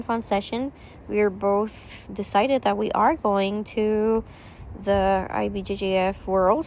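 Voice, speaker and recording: A young woman speaks at an ordinary middle pitch in a loose vlog style. She rambles, repeats words and leans on fillers as she talks. A faint hiss of noise sits behind her voice. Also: creaky, darkish tone. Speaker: vlogger and coach. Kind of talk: casual vlog talk.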